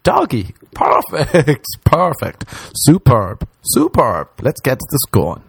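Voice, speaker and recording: Gravelly man riffing comedy. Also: sing-song, measured pace, few pauses, slight background noise. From Ireland. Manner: jokey, swings into high put-on voices. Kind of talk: rambling comedic monologue.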